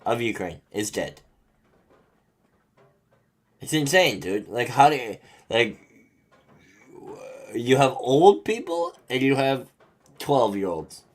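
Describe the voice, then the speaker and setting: A man's voice: medium pitch, sing-song, slow, long pauses. A man co-hosting a casual podcast, talking in a profane, drawling way with lots of "dude". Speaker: podcast co-host.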